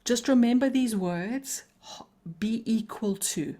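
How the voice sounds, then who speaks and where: A woman leads a coaching lesson in a calm, melodic voice. She takes her time, slows on key phrases and leaves deliberate pauses. Her tone is inviting and she laughs easily. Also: a little high. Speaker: coaching trainer. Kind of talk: live coaching webinar teaching.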